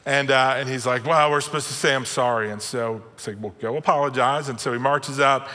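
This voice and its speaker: Middle-aged male pastor, bright and slightly high, chatty self-mocking sermon, long hall reverb. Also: steady tone, brisk. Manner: conversational, self-deprecating storytelling. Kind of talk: sermon with personal stories.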